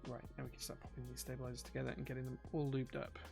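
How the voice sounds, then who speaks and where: A man's voice: medium pitch, completely flat delivery, racing, creaky, music in the background. A man, chatting casually on a live stream while he builds a keyboard. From England. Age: 40s. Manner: chatty, self-deprecating, reads chat aloud.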